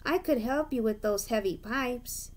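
A kindly giant crane from a children's storybook, as a woman puts him on, smiling as he speaks. He talks slowly and warmly in a fairly high voice. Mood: friendly. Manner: friendly and smiling. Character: friendly helpful big male crane.

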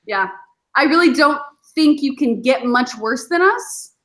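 A woman, a guest on a podcast, telling animated stories in casual chat and acting out her past self. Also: high-pitched, unhurried. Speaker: podcast guest, former reality show contestant.

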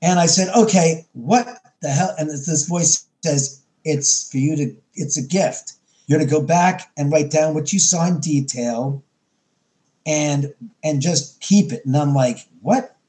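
A man's voice: a little high, a little slow, mellow. A middle-aged man, a podcast guest, tells a story with animation, acting out his own lines and often restarting sentences. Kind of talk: storytelling interview.

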